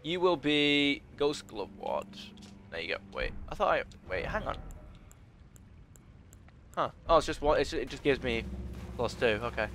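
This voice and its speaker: A man's voice: medium pitch, very animated, normal speed, long pauses, fairly bright tone, slight background noise. A young man talking through a video game, chatting to the enemies and muttering asides. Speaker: gaming YouTuber. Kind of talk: let's play commentary.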